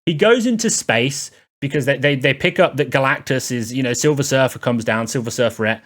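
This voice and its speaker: A man's voice: mid-range voice, brisk, fairly bright tone. Exasperated man ranting. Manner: exasperated, sarcastic, rambling with asides. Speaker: film reviewer. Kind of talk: casual spoken review.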